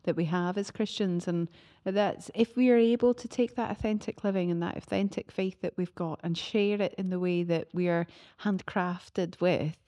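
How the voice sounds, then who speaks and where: A woman co-hosting a casual chat about faith, affirming the guest and speaking in quick, eager bursts. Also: fairly low pitch, fairly even intonation, mellow. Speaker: co-host.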